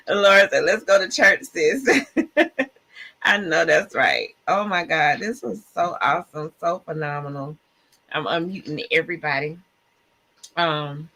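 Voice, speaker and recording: A woman hosting a podcast live online, talking in an excited, churchy, casual way, often laughing and saying y'all. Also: low-pitched. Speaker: podcast host. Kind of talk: casual live-stream chat.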